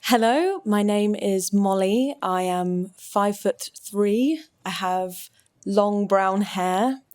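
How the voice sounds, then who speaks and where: A woman's voice: mid-range voice, slow pace, darkish tone, no echo, studio quality. A woman in her twenties, a stage actor, chattily describing herself and her roles for an audio introduction, hedging often with "sort of". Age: 20s.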